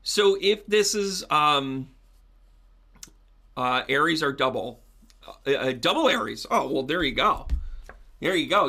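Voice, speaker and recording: Brief: male medium hosting a live tarot stream, joking and chatty, bright tone. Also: mid-range voice, unhurried, long pauses. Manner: chatty, animated, joking with viewers. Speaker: psychic medium and tarot reader.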